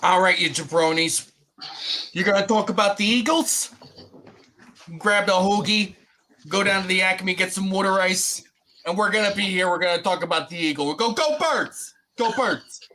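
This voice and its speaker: A man playing a brash, boisterous sports fan, putting on a high teasing voice. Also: moderate pace, pushed and bright. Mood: rowdy.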